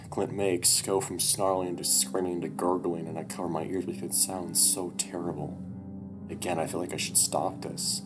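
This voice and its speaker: A man with a very low voice reads a visual novel aloud in a loose, casual manner. He swears freely and drops in his own asides, with music playing clearly in the background.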